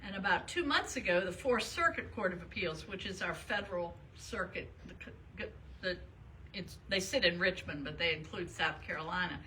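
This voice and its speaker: Chatty older woman with a bright voice. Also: fairly low pitch, expressive, normal speed, a little hiss or hum, rough recording. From northern United States. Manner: chatty, laughs often, self-deprecating. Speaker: retired state supreme court justice, guest speaker. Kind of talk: talk and audience Q&A.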